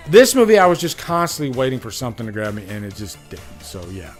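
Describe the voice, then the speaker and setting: A man's voice: mid-range voice, sing-song, fast, soft background music. A man hosting a casual live stream, chatting animatedly about movies he saw and answering viewers.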